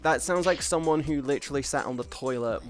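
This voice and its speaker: A man's voice: a little high, quick pace. A man streaming and chatting casually, swearing often and telling stories with energy. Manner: swears a lot, animated storytelling. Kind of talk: casual chat.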